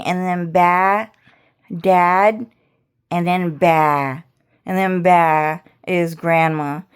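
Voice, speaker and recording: A woman's voice: on the low side, clear, resonant tone. A woman vlogger ranting casually, rambling and swearing as she repeats herself. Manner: rambling, profane, repetitive.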